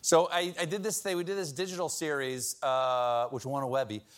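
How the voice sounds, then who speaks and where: A middle-aged man fielding questions from a theater audience before a show. He tells stories with a playful, self-mocking edge, and his voice sits at an ordinary pitch. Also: little pitch movement, brisk. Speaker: talk show host. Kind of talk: casual audience Q&A.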